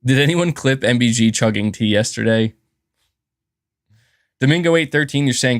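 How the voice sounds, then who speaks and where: A man's voice: mid-range voice, normal speed, pauses often, dry recording. Chatty male gaming streamer, dry sound. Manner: rambling, chatty, thanks viewers for gifts. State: sore throat. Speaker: gaming channel host. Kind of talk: casual livestream chat.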